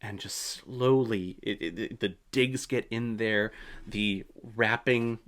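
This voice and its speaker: Bright-voiced opinionated movie reaction guy. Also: lowish voice, steady tone, takes it slowly. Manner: chatty, opinionated, swears casually. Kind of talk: casual movie reaction commentary.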